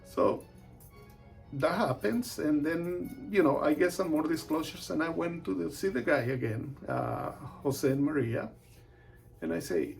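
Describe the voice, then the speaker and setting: Gravelly man telling an animated story. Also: on the high side, unhurried, faint music behind. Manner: animated, acting out the voices of the people in the story. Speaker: real estate agent. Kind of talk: personal storytelling.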